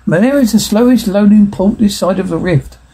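A man's voice: high-pitched, a little fast, dark tone, husky, pitched above the performer's own voice, rough recording. A man voicing an anxious, grim male ship officer in an audiobook reading.

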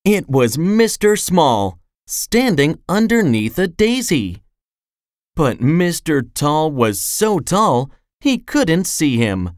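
A storyteller reading a children's storybook aloud in a slow, expressive way. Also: medium pitch, no echo, studio quality. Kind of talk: scripted storybook narration.

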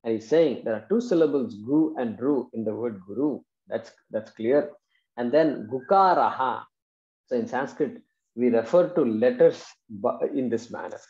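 A male teacher patiently explains Sanskrit verses, often pausing to check that his students follow. His voice is gravelly and mellow. The recording is dull and echoes like a classroom. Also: medium pitch, expressive. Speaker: Vedanta teacher.

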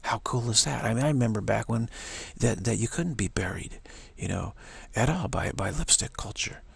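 Low gravelly guy chanting spiritual affirmations, sometimes whispering, super husky. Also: normal speed, no room sound. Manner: repetitive affirmations, drops to whispers. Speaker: spiritual teacher. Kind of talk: spiritual monologue.

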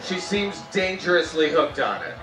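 At normal speed, a Canadian comic delivers an animated live set about his wife, abruptly shrieking in a high pitch whenever he impersonates her. The sound is roomy and distant, from an outdoor festival comedy tent, with laughter from the crowd and faint music behind.

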